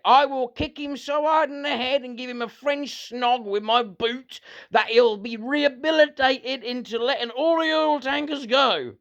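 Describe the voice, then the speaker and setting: A man's voice: very high-pitched, creaky, a bit bright, dull audio. A British man delivering an angry, sarcastic, profanity-filled rant to his viewers. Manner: sweary, sarcastic, heated. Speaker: vlogger.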